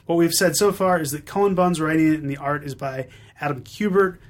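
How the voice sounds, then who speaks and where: A man hosting a podcast, running through news in a chatty, enthusiastic way with quick fillers. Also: fairly high pitch. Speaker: podcast host. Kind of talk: upbeat news roundup.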